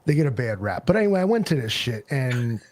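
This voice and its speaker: A man from New York hosting a livestream on a video call, telling stories in a loose, profane, animated way. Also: mid-range voice, fast talker, no room sound. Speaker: livestream host. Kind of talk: casual chat.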